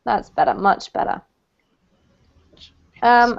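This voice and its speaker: A woman tutor runs an online English lesson, praising her student and slowing down to model pronunciation. Her voice sits slightly high. The call audio is dull and lo-fi. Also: lively intonation, a little mellow. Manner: encouraging, clarifies pronunciation with slow modeled words. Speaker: English teacher.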